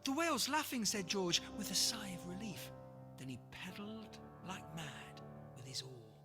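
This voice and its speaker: An author reading their own rhyming picture book aloud in a lively, rhythmic way. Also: mid-range voice, moderate pace. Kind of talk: rhyming storybook read-aloud. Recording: long reverb, faint music behind.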